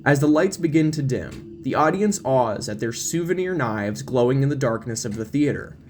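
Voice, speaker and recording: A man narrating a scripted audio drama in an expressive storytelling manner. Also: mid-range voice, moderate pace, faint music behind.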